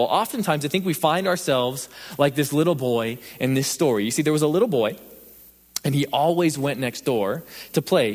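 Energetic preaching man in a reverberant hall. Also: a little high. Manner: energetic preaching with humorous storytelling. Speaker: pastor. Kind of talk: sermon.

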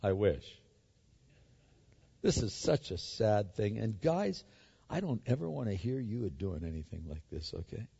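A male pastor preaching a sermon, emphatic and animated, acting out the story as he reads it. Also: fairly low pitch, unhurried, vocal fry, husky. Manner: animated, emphatic, acts out the scripture. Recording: echoey hall, dull sound.

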